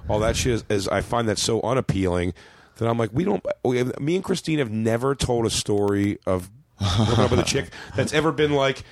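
A man's voice: medium pitch, expressive, brisk, dry recording. A male comedian in casual podcast chat, rambling through profane stories and acting out quotes.

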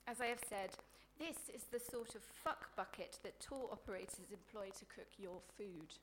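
A woman reading her own comic prose aloud at a live book event, in a sardonic, deadpan voice full of crude insults. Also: medium pitch, normal speed, few pauses, noisy background. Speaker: author reading her work.

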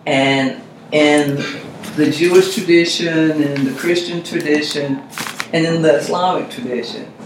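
A man, a reverend, talking through faith and health in a measured, reflective way. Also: on the high side, fairly even intonation. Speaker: reverend, guest. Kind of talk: conversational discussion. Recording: very echoey room, faint noise.

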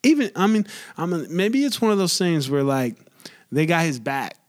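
A man's voice: on the high side, sing-song, normal speed. A young man hosting a solo podcast, rambling casually with lots of restarts and filler words. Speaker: podcast host.

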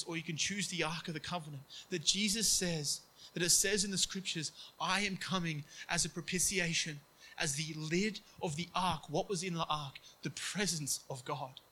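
A man preaching a sermon earnestly, acting out quoted voices in hushed tones. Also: fairly high pitch, husky, poor audio.

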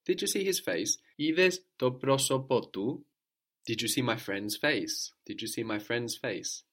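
A man's voice: on the low side, big pitch swings, normal speed, a bit bright. Patient man teaching a language lesson. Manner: patient, explanatory, ends points with a questioning "no?".

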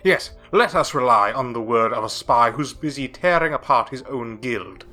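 A man's voice: mid-range voice, lively intonation, moderate pace, pushed and bright, faint music behind. A male narrator voicing a proud, sarcastic male legion officer.

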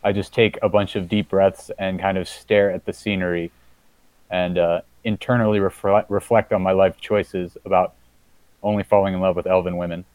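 A man's voice: deep voice, flat delivery, moderate pace, a little mellow, no room sound. A man playing a tabletop game, laid-back and a bit hesitant. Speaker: player. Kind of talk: casual tabletop play.

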